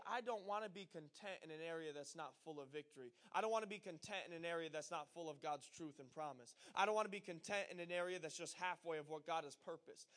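Brief: young male preacher, high voice, lively storyteller, animated sermon delivery. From northern US. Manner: energetic storytelling, acts out quoted voices.

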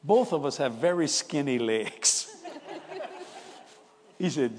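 A man's voice: mid-range voice, animated, takes it slowly, darkish tone, in a large hall, slight background noise. A man in his seventies preaching a sermon, telling family stories in a folksy, conversational way and laughing at his own tales. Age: 70s. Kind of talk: storytelling sermon.

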